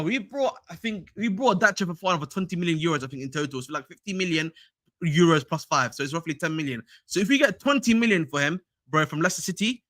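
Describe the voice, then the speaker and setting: A young man chatting casually on a livestream, slangy and excitable as he talks to his chat. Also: sits high, no room sound, studio quality. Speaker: fan channel livestreamer.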